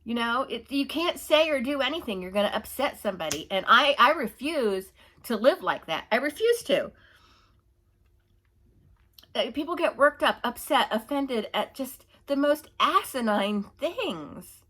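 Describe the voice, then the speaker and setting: A woman's voice: a little high, expressive, measured pace, fairly bright tone. A woman ranting in a casual opinion monologue, rambling and exasperated, mocking others with whiny put-on voices. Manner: rambling, exasperated, laughs while telling stories. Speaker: vlogger.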